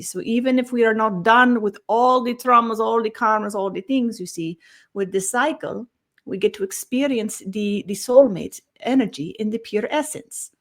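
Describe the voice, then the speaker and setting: A woman giving a channeled spiritual talk, slow and meandering, humming "mm" between phrases and tagging almost every thought with "you see", her phrase endings trailing off quietly. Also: a little high.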